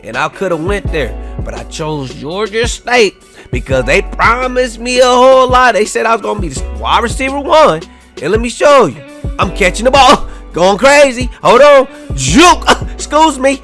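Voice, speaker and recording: A young man giving casual, animated commentary over a football video game, trash-talking and half-singing his asides. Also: very high voice, moderate pace. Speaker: gaming YouTuber. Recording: faint music behind.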